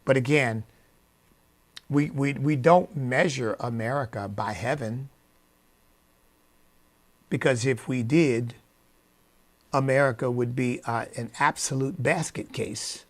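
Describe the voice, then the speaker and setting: Hosting a radio show, a man delivers a preacherly opinion piece that moves from low asides up to loud, emphatic high points. He talks slowly and leaves long pauses.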